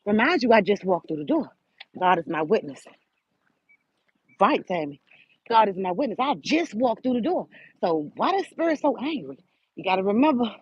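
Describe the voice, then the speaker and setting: An older woman hosting a show, telling a spiritual story in an animated, preachy way and speaking right to her listeners. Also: mid-range voice, breathy edge, no echo. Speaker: host. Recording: dull lo-fi audio.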